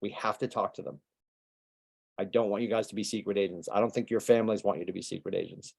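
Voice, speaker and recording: A man's voice: fairly low pitch, steady tone, gravelly, darkish tone, slightly rough. A man coaching a room of agents in a motivational training talk, talking casually and firing off rhetorical questions. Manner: conversational, rapid-fire rhetorical questions. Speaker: business coach.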